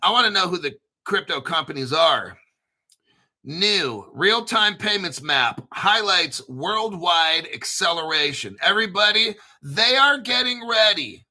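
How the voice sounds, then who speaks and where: A man hosting his own channel in a casual monologue, emphatic and repetitive, rambling and swearing, often clearing his throat. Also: sits high, sharp tone. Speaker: crypto channel host.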